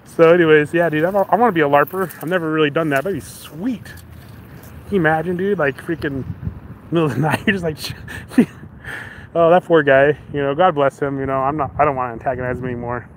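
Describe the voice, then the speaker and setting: Animated man telling a story outdoors. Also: fairly high pitch, brisk, a little hiss or hum, low-quality recording. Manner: animated, acts out both sides with shouted quotes; laughs often. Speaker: vlogger. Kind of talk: casual storytelling.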